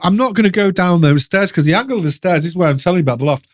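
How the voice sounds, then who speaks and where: Animated man telling a ghost story. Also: sits high, very fast. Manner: animated, laughs often, restarts sentences. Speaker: guest storyteller.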